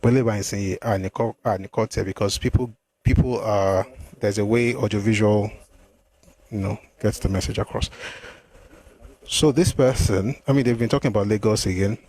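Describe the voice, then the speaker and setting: A man hosting a live stream, answering viewer comments in an animated, exclamatory way, often repeating himself. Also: fairly low pitch, normal speed. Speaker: host.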